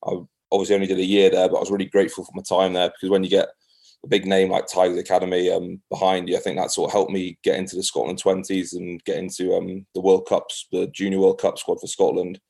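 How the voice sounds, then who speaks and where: Low gravelly Englishman, flat delivery. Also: quick pace. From England. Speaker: guest rugby player. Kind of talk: casual podcast interview.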